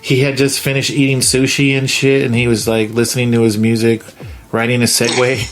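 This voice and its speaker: A man's voice: medium pitch, flat delivery, brisk, background noise. A young man co-hosting a podcast, chatting casually about a film, laid back and full of slang. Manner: laid-back, swears, says "dude" a lot. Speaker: podcast co-host. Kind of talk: casual chat.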